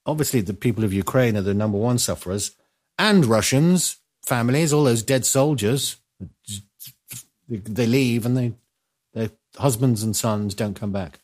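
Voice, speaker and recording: A man hosting a news commentary, chatting casually with rambling, jokey asides that trail off into low mumbles. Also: moderate pace, a little mellow.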